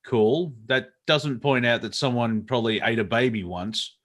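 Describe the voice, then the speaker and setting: A man's voice: medium pitch, normal speed, fairly bright tone. Rambling man, laughs a lot. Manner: rambling, irreverent, laughs often mid-sentence. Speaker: co-host. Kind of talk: casual comedy chat.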